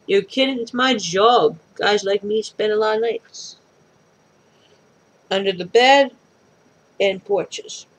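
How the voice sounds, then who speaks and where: A woman's voice: mid-range voice, takes it slowly, long pauses, low-quality recording. A woman reading aloud and voicing a big furry horned monster who is shy and earnest. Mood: confiding.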